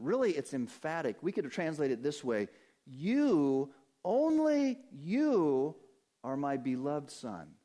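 A man preaching a sermon as pastor, rising to emphatic peaks and dropping to hushed, low passages.

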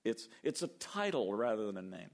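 An older man preaching a sermon, lively and acting out the quoted voices as he goes. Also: fairly low pitch, moderate pace. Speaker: pastor.

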